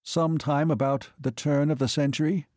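A man voicing a calm male lieutenant colonel who politely explains things to his commander. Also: fairly high pitch, normal speed, dry recording, clean studio sound, pitched above the performer's own voice, lightly acted. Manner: polite, explanatory, says sir.

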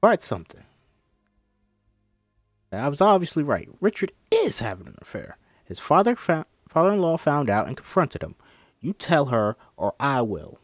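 A man's voice: mid-range voice, sing-song, normal speed, no echo, studio quality, soft background music. A man voicing a courtly, probing male detective in a screenplay table read, drifting in and out of a put-on accent. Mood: insistent.

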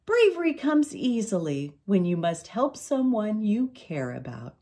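A woman voicing a gentle, kind mother fox in a storybook, speaking softly. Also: medium pitch, sing-song, measured pace. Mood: wise.

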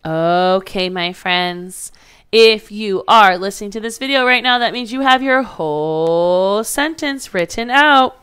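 A woman's voice: medium pitch, measured pace, a bit bright, smooth. A woman teaching a phonics lesson to young children, patiently sounding out letters and words.

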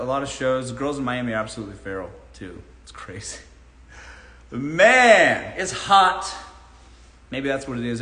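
A man's voice: medium pitch, sharp tone. A man from Los Angeles hosting a live Q&A on dating, giving advice bluntly and with plenty of profanity. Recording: roomy echo.

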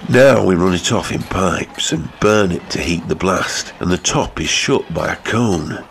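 A man's voice: sits low, measured pace, vocal fry, slight background noise. A man voicing a menacing, jealous ironworks master. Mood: grim relish. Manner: forceful, abrupt, suddenly talkative. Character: jealous domineering male ironworks owner, menacing.

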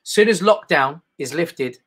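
A man's voice: a little high, expressive, a little slow, fairly bright tone, breathy edge. A middle-aged man with an English accent doing casual, rambling live stand-up comedy to an online audience. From England. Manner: chatty, rambling, mimics voices.

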